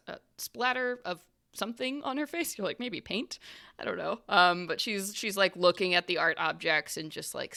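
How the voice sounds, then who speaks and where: A woman narrates a tabletop game as its game master. Her low voice is bright, with plenty of vocal fry, and she rambles loosely from one filler to the next.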